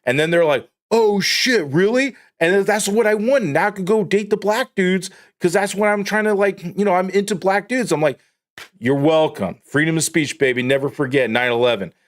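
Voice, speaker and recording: Male streamer, slightly high voice, swears a lot and rambles off topic while joking with chat. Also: brisk. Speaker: live streamer. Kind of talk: casual live-stream chat.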